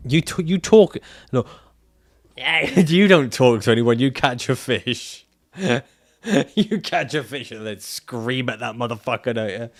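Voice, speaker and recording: A man's voice: medium pitch, unhurried. Jokey, swearing male livestreamer. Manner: jokey and profane, laughs often. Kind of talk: casual livestream chat reading viewer comments.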